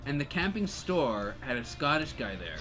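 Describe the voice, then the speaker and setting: A man's voice: mid-range voice, very animated, moderate pace, over music. A man co-hosting a casual gameplay chat, telling a long, meandering story. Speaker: co-host.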